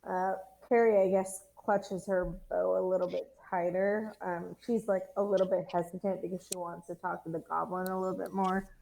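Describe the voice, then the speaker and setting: A woman's voice: lowish voice, flat delivery, moderate pace, creaky, few pauses, warm tone, low-quality recording. A woman player in a tabletop game, describing her character hesitantly with many fillers.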